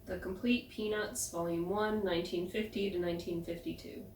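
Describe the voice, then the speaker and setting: A woman announcing a list of titles in a flat, deliberate way. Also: lowish voice. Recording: echoey and distant from mic.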